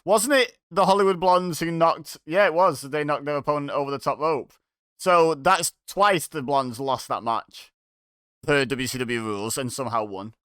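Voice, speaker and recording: A man's voice: on the high side, moderate pace, a bit bright, clear, resonant tone, no echo, studio quality. A man hosting a watch-along, giving casual, sarcastic reaction commentary and chuckling to himself.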